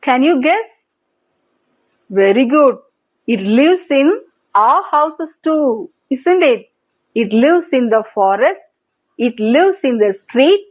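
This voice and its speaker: A woman with an Indian English accent teaching young children English on TV, prompting them to repeat words and praising them often. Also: high-pitched. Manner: slow, sing-song prompting with repeated praise. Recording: tinny phone-like broadcast audio.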